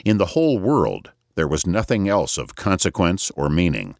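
Very deep-voiced male audiobook narrator. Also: wildly swooping pitch, moderate pace, gravelly, no room sound, studio quality. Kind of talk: first-person audiobook narration.

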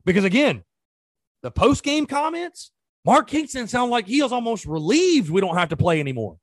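A man's voice: very high-pitched, sing-song, normal speed, dry recording, studio quality. Exasperated man ranting about sports. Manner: exasperated, ranting with rhetorical questions. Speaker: sports podcast host. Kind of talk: casual sports commentary.

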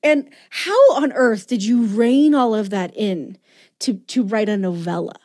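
A woman's voice: mid-range voice, unhurried, mellow, no room sound. An enthusiastic woman hosts a podcast interview in a mid-range voice. She gushes openly, and her voice sits in a dry, close recording with no room around it. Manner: gushing, enthusiastic. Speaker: podcast host. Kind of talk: casual interview chat.

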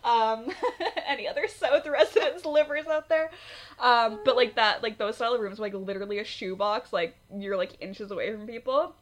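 A woman's voice: on the high side, normal speed. A woman in her twenties, from Canada, co-hosting a casual podcast, chatty with many fillers and frequent laughter. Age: 20s. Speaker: podcast co-host.

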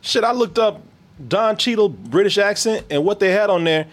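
A male podcast host chatting loosely, swearing and laughing often. His slightly high voice swings widely in pitch. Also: animated, normal speed. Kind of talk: casual chat.

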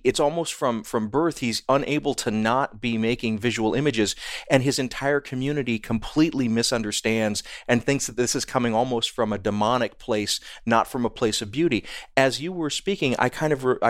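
A man hosting an interview, asking thoughtful, measured questions. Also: mid-range voice, dry recording, clean studio sound. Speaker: interviewer host.

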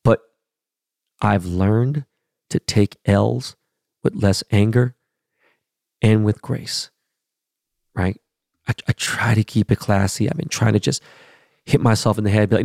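A middle-aged man hosting a podcast, talking bluntly and profanely in a casual monologue that swings between loud and soft. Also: lowish voice, fairly even intonation, a little slow, creaky, long pauses, no room sound, clean studio sound. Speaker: podcast host.

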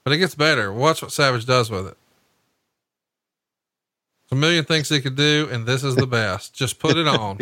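A man's voice: mid-range voice, moderate pace, pauses often, no echo. A man in casual podcast chat, telling stories with crude humor and mocking impressions. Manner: profane, animated storytelling with mocking impressions.

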